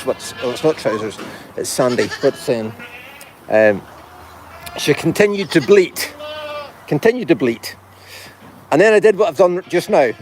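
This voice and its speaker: Farmer chatting among bleating goats. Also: male voice, medium pitch, a little mellow. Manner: chatty, coos affectionately at the goats. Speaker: farmer hosting a morning farm video. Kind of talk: casual talk to animals and viewers. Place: animal pen in a farm shed. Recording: noisy farm pen, goats bleating.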